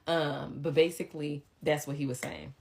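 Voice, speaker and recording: A young woman casually retelling a personal story, rambling and animated, with frequent ums. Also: low voice, moderate pace, gravelly, slight background noise. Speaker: storyteller vlogger.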